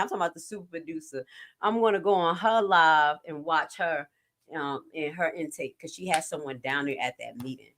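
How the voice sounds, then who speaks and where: A blunt, wisecracking woman talks casually on her live stream, with a somewhat low-pitched voice. She curses freely and jokes around, and her voice jumps suddenly up in pitch and loudness. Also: lively intonation, a little fast.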